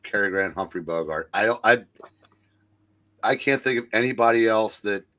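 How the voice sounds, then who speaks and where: A man's voice: fairly low pitch, sharp tone. Hesitant man talking old films. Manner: hesitant, halting, restarts often. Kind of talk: casual chat.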